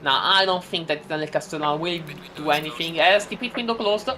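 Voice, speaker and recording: A woman doing casual live commentary on a sim race, playful and prone to giggling, with bursts of excitement. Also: low voice, fairly quick, a little hiss or hum, low-quality recording.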